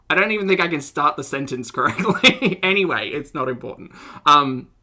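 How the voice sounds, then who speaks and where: With a low, expressive voice that comes out brisk, pushed and bright, a young woman chats casually with her stream audience as she reacts to videos. She giggles often and keeps trailing off and restarting.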